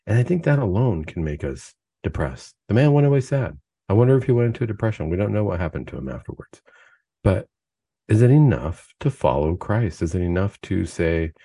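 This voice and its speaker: A man's voice: low voice, animated, fairly quick, dark tone, dry recording, studio quality. A man hosting a Catholic talk show, giving an earnest, conversational spiritual reflection full of rhetorical questions. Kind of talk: spoken reflection, casual preaching.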